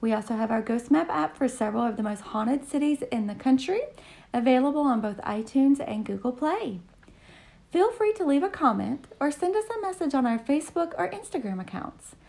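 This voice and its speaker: A woman co-hosting a podcast, reading a scripted outro and chatting, quick to tease and laugh. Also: sits high, vocal fry, dark tone. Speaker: podcast co-host. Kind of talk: podcast chat and scripted narration.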